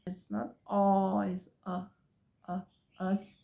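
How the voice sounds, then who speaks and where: A woman's voice: mid-range voice, warm tone. A woman teaching English pronunciation in a phonics lesson, repeating example words and drawing out vowel sounds. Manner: slow and deliberate, drawing out vowel sounds with many pauses. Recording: dull, slightly lo-fi sound.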